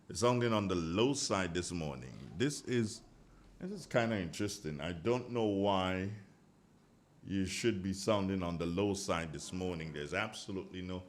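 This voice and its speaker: A low-pitched man, hosting live morning radio from a studio. He talks casually and loosely, rambling between topics and reading out the names of listeners who send greetings. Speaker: radio morning show host.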